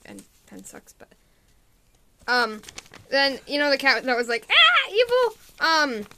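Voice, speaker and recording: This woman's voice is high-pitched and sharply bright. She chats in a casual, giggly way, telling a silly story and slipping into put-on voices for cat characters. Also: steady tone, a little slow, a little hiss or hum. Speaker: co-host describing a drawing.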